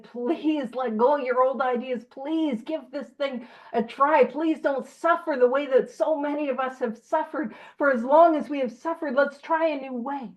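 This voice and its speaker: High-voiced chatty woman leading a study. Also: darkish tone, rough recording. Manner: chatty and self-deprecating, laughs often. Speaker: study group leader. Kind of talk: casual teaching and reading aloud.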